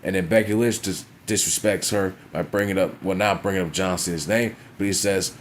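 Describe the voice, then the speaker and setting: A man's voice: low-pitched, fairly even intonation, a little fast, few pauses, slight background noise. A man reviewing a wrestling show in a blunt, profane casual rant, often asking "you know what I'm saying".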